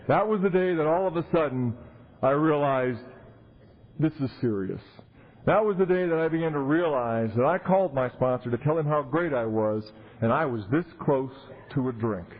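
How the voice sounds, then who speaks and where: A man speaking at a recovery convention, telling his story in an animated way and acting out the people he quotes. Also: mid-range voice. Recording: tinny 1990s tape recording.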